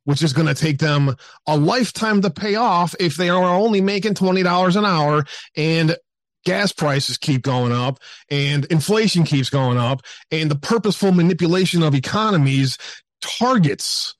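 A man's voice: fairly high pitch, normal speed, no echo. A man co-hosting a political show, making emphatic, heated points. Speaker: co-host. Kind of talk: political commentary.

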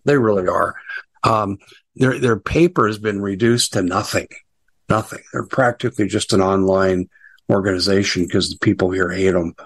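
A middle-aged American man hosting a casual political commentary show, chatty and sarcastic with frequent asides. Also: mid-range voice.

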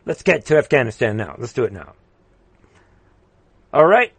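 A man's voice: mid-range voice, sing-song, moderate pace, a bit bright, breathy edge, no echo. A man hosting a livestream, ranting in heated political commentary, straining his voice and reading viewer comments aloud. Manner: impassioned, ranting, repeats rallying calls. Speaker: livestream host.

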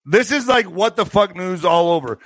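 A man's voice: high voice, animated, moderate pace, a bit bright, no room sound. A man reading out news headlines in a casual stream, sarcastic and stumbling over words.

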